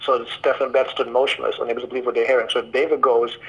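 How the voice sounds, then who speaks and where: A man's voice: medium pitch, flat delivery, fast talker, breathy edge, poor audio. A male author casually retelling his story, rambling with frequent restarts. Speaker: guest author.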